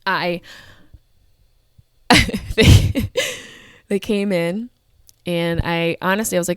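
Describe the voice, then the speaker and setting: A woman's voice: fairly low pitch, slow pace, long pauses, clean tone, no room sound, studio quality. A woman in her thirties telling a personal story as a podcast host, candid, emotional and full of swearing. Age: 30s.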